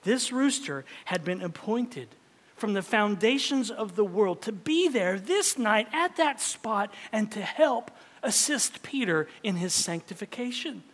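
A male pastor preaching a sermon in a dramatic style, swinging between loud emphasis and hushed whispers. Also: sits high, lively intonation, measured pace. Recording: long reverb of a large hall.

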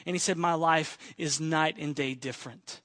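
Pastor guy preaching, high bright voice, earnest storytelling, dry close sound. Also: normal speed, no room sound. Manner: earnest storytelling, quoting a friend, shifting between excited and hushed. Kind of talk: sermon.

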